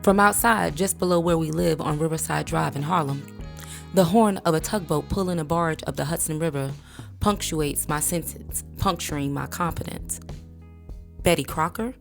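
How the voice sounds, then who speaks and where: A woman with a notably low voice reads a memoir aloud at a measured, even pace. Her delivery is a calm audiobook narration. Faint music sits quietly beneath her. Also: creaky. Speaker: book reader.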